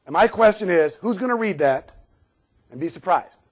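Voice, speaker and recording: Brief: higher-pitched male safety speaker, sarcastic keynote humor, talks to the crowd. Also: expressive, moderate pace, breathy edge. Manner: sarcastic, joking, acts out what people say. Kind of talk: humorous keynote talk to an audience.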